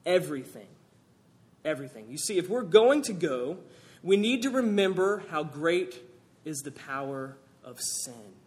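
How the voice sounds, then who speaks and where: Animated preaching man, fairly high voice. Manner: animated preaching, rising for emphasis and dropping to quiet asides. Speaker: pastor. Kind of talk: sermon.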